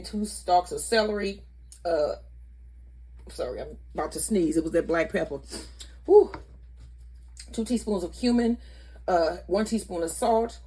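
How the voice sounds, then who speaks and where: A woman hosts a casual cooking vlog from her home kitchen, chatting away and correcting herself as she goes. Her voice is on the low side, with a darkish tone and a breathy edge.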